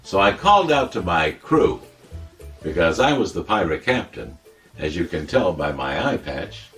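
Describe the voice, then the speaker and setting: A man playing a boastful, wisecracking older comic who tells tall tales in a deadpan, rambling way. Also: deep voice, moderate pace, soft background music, heavily acted. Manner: deadpan, rambling, self-contradicting. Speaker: comic editorial presenter. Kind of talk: comedic monologue.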